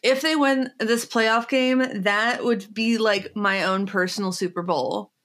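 Giggly woman podcast cohost, kinda high voice, chatty and rambly. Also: unhurried. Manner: giggly, animated storytelling with many fillers. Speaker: podcast co-host. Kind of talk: casual chat.

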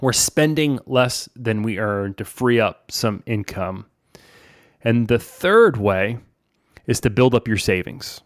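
A man's voice: medium pitch, animated, takes it slowly, dry recording, studio quality. A man in his forties, a podcast host from New Orleans, giving casual money advice in a chatty way, often saying "man" and "right?". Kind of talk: casual financial advice talk.

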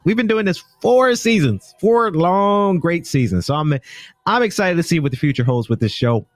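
A man's voice: high voice, lively intonation, moderate pace, no room sound. An American man hosting a podcast, giving casual commentary on tech news. He rambles, stumbles and often corrects himself mid-sentence. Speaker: podcast host.

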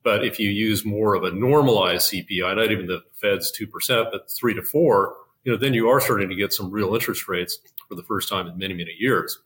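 An older man, a guest in a finance interview, explaining in a measured way with frequent fillers and restarts. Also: fairly low pitch, fairly bright tone, a little hiss or hum, poor audio. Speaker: investment officer, guest.

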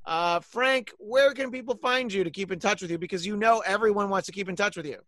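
A man's voice: high voice, fast talker, a bit bright, no room sound, studio quality. A man hosting a podcast, wrapping up a casual chat and rambling with many ums and uhs. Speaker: podcast host.

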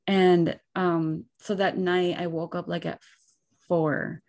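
On a podcast she co-hosts, this young woman speaks slowly in a lowish voice. Her chat is casual and animated, full of stories and heavy on "like."

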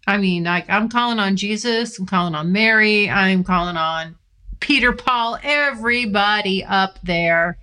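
Her voice is medium in pitch, pushed and bright with a clean tone, and she doesn't hurry. She's a podcast host in California, filmed mid-recording, swearing freely and laughing as she vents solo.

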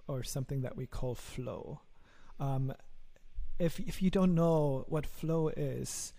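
German-accented man, gravelly and mellow. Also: mid-range voice, takes it slowly. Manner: earnest, repeats words when starting sentences. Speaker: startup founder, guest. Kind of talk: casual interview talk.

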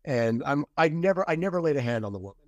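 A man's voice: on the high side, lively intonation, fast talker, no room sound, lo-fi sound. A middle-aged man as a podcast guest, candidly telling a personal story in casual conversation and acting out the quoted lines. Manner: candid, acts out quoted dialogue.

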